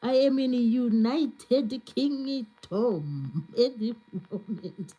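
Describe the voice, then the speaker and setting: A woman's voice: fairly high pitch, drawn-out words, warm tone, low-quality recording. A woman hosting a live stream, chatting casually and reading out viewer comments to answer them. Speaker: cooking channel host on a live stream.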